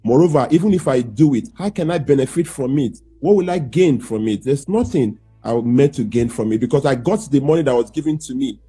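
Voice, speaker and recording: A man plays a young defendant accused of murder, speaking in a mellow, husky voice. He pleads his innocence in hesitant, restarting sentences. Faint music sits under the student courtroom role-play. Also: medium pitch, lively intonation, fairly quick, few pauses. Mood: defensive. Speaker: accused man testifying in a mock trial.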